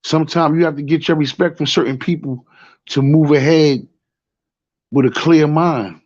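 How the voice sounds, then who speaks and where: A man's voice: fairly high pitch, fairly even intonation, normal speed, darkish tone. Rambling New York man, lo-fi sound. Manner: rambling, repeats "you know what I'm saying". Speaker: show host. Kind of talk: casual storytelling monologue.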